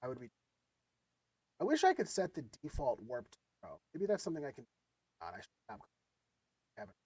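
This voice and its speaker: Streaming while he produces music, a man chats casually and with plenty of swearing into a dynamic studio mic. His fairly high voice swings hugely in pitch and is brisk, husky and a little mellow, in a dry recording.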